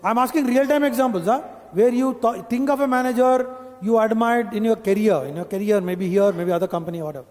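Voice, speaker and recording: Male corporate trainer, Indian English, high mellow voice, lecture hall echo, quizzes the room. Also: fairly quick, hardly any pauses. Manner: conversational, repeats points, quizzes audience with "huh?". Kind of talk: live training session. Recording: long hall reverb.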